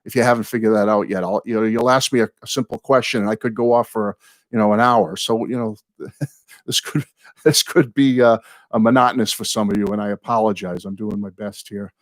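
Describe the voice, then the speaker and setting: A man's voice: on the low side, steady tone, a little fast, no echo. An American man in his sixties hosting a live chat, a rambling, chatty storyteller who often apologizes and thanks viewers. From United States. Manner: apologetic, warm toward viewers. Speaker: host.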